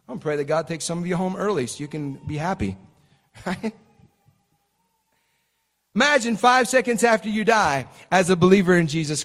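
A high-pitched man preaching a sermon in a church with a long, ringing echo. He talks like he's telling stories to friends, tossing in "right?" every few lines. He then breaks into loud, shouted bursts of excitement. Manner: chatty storytelling that bursts into shouted exclamations; keeps asking the crowd "right?". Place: church sanctuary. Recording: long hall reverb.

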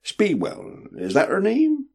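A man's voice: sits high, wildly swooping pitch, slow, darkish tone, breathy edge, pitched above the performer's own voice, exaggerated voice. A man voicing a doubtful, stubborn old male sailor who talks in a rustic, emphatic way, raising his voice above his usual tone. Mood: doubtful, grumbling. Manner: rustic old dockside talk, raised and emphatic.

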